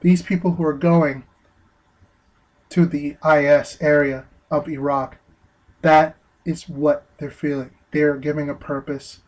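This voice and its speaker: A man giving an earnest opinion monologue, speaking haltingly with frequent restarts. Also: a little high, little pitch movement, darkish tone, low-quality recording. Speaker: vlogger.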